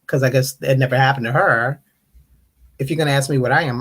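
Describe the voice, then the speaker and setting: A livestream host, slightly tipsy from wine, talking casually with viewers in an open panel and acting out stories with lively mimicry. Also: mid-range voice, quick pace, husky. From United States. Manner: animated storytelling, acts out others' rude questions in mocking voices. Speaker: host of a live online discussion panel. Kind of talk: casual livestream chat, greeting and answering viewers.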